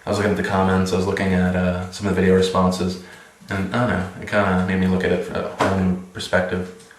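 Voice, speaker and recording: A young man in his twenties rambles through a mock apology, sarcastic and needling. His voice sits a little low, and the room around him sounds echoey and bare. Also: monotone, quick pace. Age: 20s. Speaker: vlogger. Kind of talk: sarcastic casual vlog.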